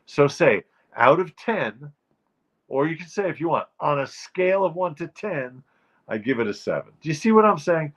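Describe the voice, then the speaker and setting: Man host, lively comic ranter, wry and emphatic, slightly dull lo-fi sound. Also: on the high side, moderate pace. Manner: wry, emphatic ranting about phrases. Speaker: show host. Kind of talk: comic monologue.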